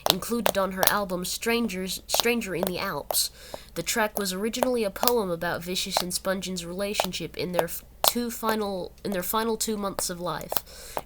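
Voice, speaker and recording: A young woman reading an article aloud and breaking off into rambling, self-correcting asides. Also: mid-range voice. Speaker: channel host. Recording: loud background noise.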